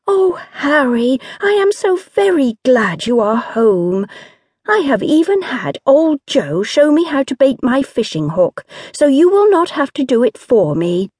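A woman reading an audiobook, voicing an excitable tomboyish young girl in a high, gushing voice. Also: a little slow, husky, dry recording, clean studio sound, full character voice. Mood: overjoyed.

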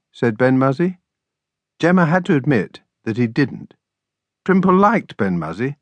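Expressive man reading a children's story. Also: medium pitch, measured pace, no echo. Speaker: audiobook narrator. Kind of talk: scripted children's audiobook narration.

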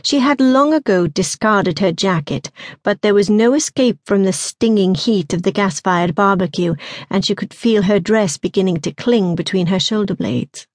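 In a measured, even storytelling style, a woman reads scripted audiobook narration into a close studio mic. Her pitch is medium and there's no room sound at all.

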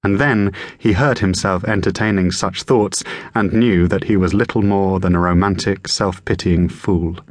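A man reading a thriller audiobook aloud in a measured, even storytelling manner. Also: low-pitched, no room sound. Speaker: audiobook narrator. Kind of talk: scripted narration.

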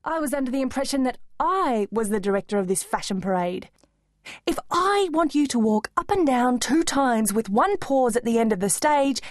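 A bossy male fashion show director barks clipped orders, as a woman narrator voices him in a dry, close audiobook reading. The voice sits fairly high for the part and stays stern and scolding. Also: no room sound, natural voice.

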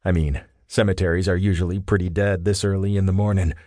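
A wisecracking young male agent trades jokes in a light, playful way, as a narrator puts him on. The sound is close and dry, a touch low. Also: little pitch movement, fast talker, a little mellow, dry recording, close to an everyday voice. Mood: joking. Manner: playful, joking. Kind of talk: audiobook character voice.

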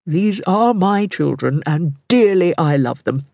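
A woman doing a suave, unhurried cardinal. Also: fairly low pitch, expressive, a little mellow, no room sound, exaggerated voice. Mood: smooth, commanding. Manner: smooth, slow and condescending. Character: suave, self-assured middle-aged male cardinal.

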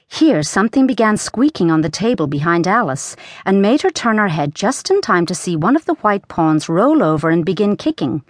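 A lively female audiobook narrator reads a storybook from a script, her mid-range voice moving at a moderate pace with few pauses. The recording is studio quality, with no room sound.

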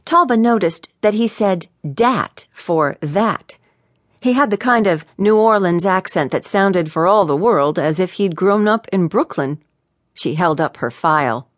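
A woman narrating a mystery audiobook in an expressive, animated way. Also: on the low side, a little slow, no room sound, studio quality.

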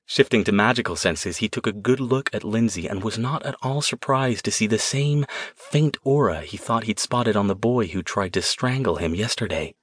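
Low-voiced male audiobook narrator. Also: moderate pace, few pauses, husky, no echo. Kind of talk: scripted narration.

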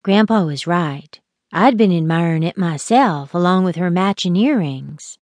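A woman reading a novel aloud as an audiobook narrator, gentle and unhurried. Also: lowish voice, expressive, dry recording. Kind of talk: scripted narration.

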